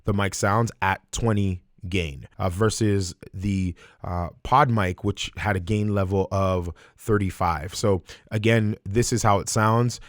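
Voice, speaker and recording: A man's voice: on the low side, measured pace, hardly any pauses. A young man from Canada talking casually into a close studio mic, reviewing microphones with a hyped-up show intro. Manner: energetic, hyped show intro with rising shouts. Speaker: YouTube creator testing microphones. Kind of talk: casual gear review to camera.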